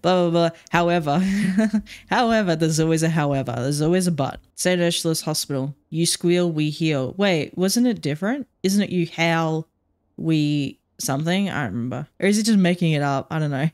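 A woman's voice: low-pitched, moderate pace, darkish tone. A woman streamer playing a story game, chatty and laughing, swearing freely as she reacts. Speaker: VTuber streamer. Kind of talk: casual game commentary and reading aloud.

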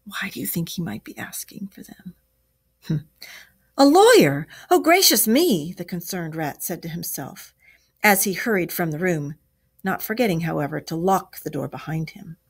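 Expressive woman reading aloud to children. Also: fairly low pitch, moderate pace, vocal fry, husky. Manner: expressive, asks children questions. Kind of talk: classroom read-aloud.

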